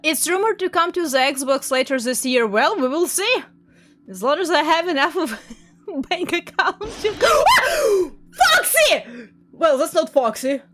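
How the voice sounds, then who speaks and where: A young woman streamer with a high voice, commenting on her game live. Her voice swoops up and down a lot, and she is excitable and jumpy, laughing often as she plays.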